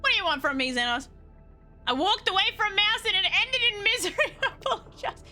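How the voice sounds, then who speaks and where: A woman's voice: extremely high pitch, lively intonation, brisk, pushed and bright, faint music behind. A woman casually commenting on her gameplay, swearing often with playful exasperation. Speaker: game streamer.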